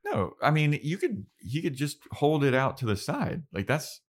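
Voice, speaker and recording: A man's voice: a little high, big pitch swings, moderate pace, husky. A man co-hosting a podcast in casual chat, laid-back and swearing casually. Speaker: podcast co-host.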